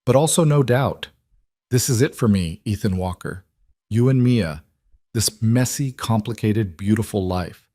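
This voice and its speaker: Brief: a tender, steady businesswoman from a storybook, voiced by a low-voiced man. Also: a little slow, dry recording, studio quality. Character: caring young adult businesswoman, gentle and steady. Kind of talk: storybook reading.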